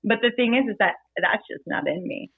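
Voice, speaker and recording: A woman bartender telling lively, playful stories as a guest in a casual interview. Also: on the high side, brisk, husky, dry recording. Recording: dry phone-like audio.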